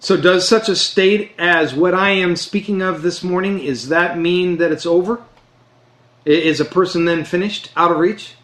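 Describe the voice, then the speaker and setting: A man preaching a sermon, earnest and emphatic, slowing down to stress key phrases. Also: sits high, fairly even intonation, fairly bright tone. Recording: roomy echo.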